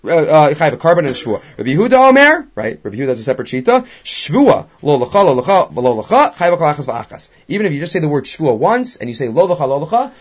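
A man teaching a Talmud class, animated, with many rhetorical questions. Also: fairly high pitch, quick pace, few pauses, husky. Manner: animated, mixes Hebrew and Aramaic terms, rhetorical questions. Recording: dull lo-fi recording.

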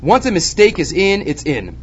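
A man teaching a Talmud lesson, animated and repeating his key points. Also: high-pitched, normal speed. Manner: animated, repeats key points, mixes Hebrew and Aramaic terms. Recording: dull lo-fi recording with faint background noise.

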